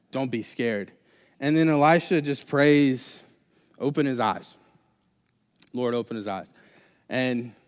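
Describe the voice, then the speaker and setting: A young adult man preaching a sermon live in a church, talking casually and rambling with many restarts and fillers. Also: fairly high pitch. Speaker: pastor. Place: church sanctuary. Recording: live church recording with long hall reverb.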